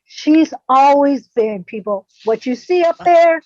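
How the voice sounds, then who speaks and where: A woman guest on a video call interview, warm and effusive, dropping in Spanish words. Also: high-pitched, animated, takes it slowly, dry recording, dull audio. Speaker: guest influencer.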